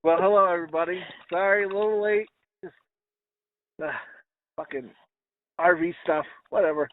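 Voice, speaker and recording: A man's voice: high-pitched, moderate pace, no echo. A man hosting a casual comedy podcast, telling rambling, profane stories. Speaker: podcast host. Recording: tinny phone-like call audio.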